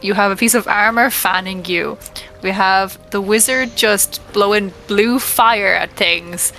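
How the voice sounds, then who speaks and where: A woman's voice: mid-range voice, a little slow, pushed and bright, rough recording. A woman playing a tabletop game, chatty and amused. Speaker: player. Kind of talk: casual tabletop chat.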